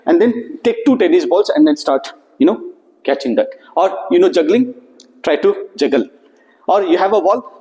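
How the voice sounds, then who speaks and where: A man leads a motivational session for students, keeping them engaged with frequent rising "okay?" checks. His voice sits a little high for a man yet sounds warm and mellow. The long reverb of a big hall trails after every phrase. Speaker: student workshop trainer. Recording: echoey hall recording.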